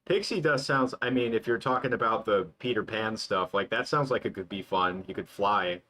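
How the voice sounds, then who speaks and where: A man's voice: on the low side, normal speed, sharp tone. A young man in casual live-stream chat, answering viewers while he works, rambling and filling his talk with "like". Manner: rambling, full of "like" fillers. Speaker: livestreaming animator.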